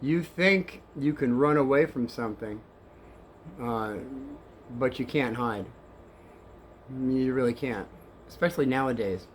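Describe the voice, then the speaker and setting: An older man telling kids a story in a rambling, animated way, swinging between hushed and excited. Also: medium pitch, a little slow, long pauses, a little hiss or hum.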